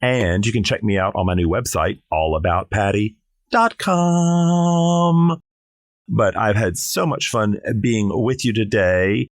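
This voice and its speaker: A man's voice: on the low side, moderate pace, no echo, studio quality. A middle-aged man from South Carolina, a drag performer chatting on a podcast in a playful, theatrical, jokey way. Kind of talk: casual podcast chat.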